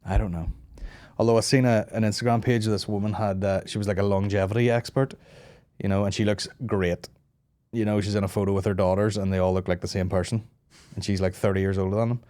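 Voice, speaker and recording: A man's voice: lowish voice, little pitch movement, quick pace, warm tone. Profane rambling Northern Irish man. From Northern Ireland. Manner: rambling, profane, laughing between riffs. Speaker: podcast host. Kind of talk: casual comedy chat.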